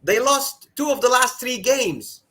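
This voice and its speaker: Male co-host, high voice, casual pundit making his case. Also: big pitch swings, a little slow, pushed and bright. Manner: builds a case, filler "you know". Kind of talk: casual football chat.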